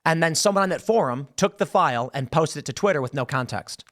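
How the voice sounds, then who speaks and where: A man hosting a show, talking through the news in casual, opinionated commentary. His voice sits a little high for a man, and he keeps throwing out rhetorical questions. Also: lively intonation, fast, a bit bright. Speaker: show host.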